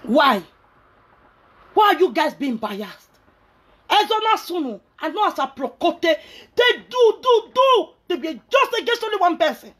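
A woman's voice: very high voice, big pitch swings, unhurried, a bit bright, poor audio. A woman ranting angrily at her followers, scolding and mixing pidgin with local language. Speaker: social media commentator. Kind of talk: angry rant to followers.

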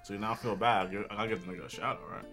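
A young man reacting to a film, excitable and slangy, blurting confused outbursts as he watches. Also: fairly low pitch, rapid-fire. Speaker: anime reactor. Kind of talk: reaction video commentary. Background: film soundtrack music.

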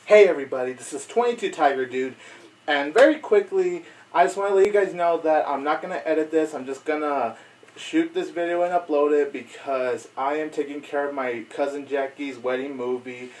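Excitable chatty male vlogger. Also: fairly high pitch, brisk, distant mic, a little hiss or hum. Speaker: video blogger. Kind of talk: casual unedited chat to camera.

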